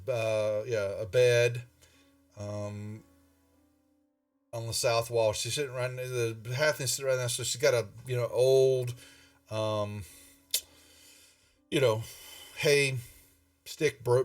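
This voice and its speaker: Man running a tabletop game, slow, rambling, lots of fillers, far from a dry mic. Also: medium pitch, no echo. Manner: rambling, many fillers and restarts. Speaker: game master.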